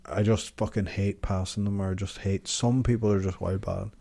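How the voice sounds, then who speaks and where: A young man with a fairly low voice, talking loosely and animatedly in a casual podcast chat. He swears often and rambles. The sound is dry and close. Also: steady tone, moderate pace, creaky, warm tone, no echo. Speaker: podcast co-host.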